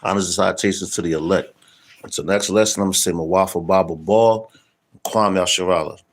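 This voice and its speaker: A man's voice: deep voice, steady tone, fairly quick. A man giving casual religious commentary, tacking "man" onto his sentences. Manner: casual, keeps adding "man".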